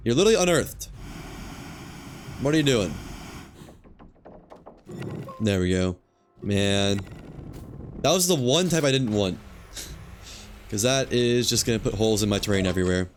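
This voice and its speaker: While streaming a game, a man with a lowish voice mutters to himself in a relaxed, thinking-aloud commentary on his on-screen actions. He speaks a little slowly with long pauses, and faint music plays behind him.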